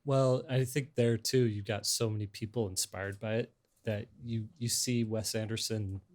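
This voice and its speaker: Middle-aged guy host, kinda low voice, rambles and restarts a lot. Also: fairly even intonation, normal speed, darkish tone. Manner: rambling, hesitant, with many restarts. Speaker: podcast host. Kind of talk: casual chat.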